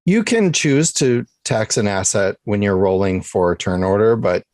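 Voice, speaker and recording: A player in a tabletop game, relaxed, explaining the rules to the others. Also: low voice, measured pace, no echo, clean studio sound. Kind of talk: tabletop role-play chat.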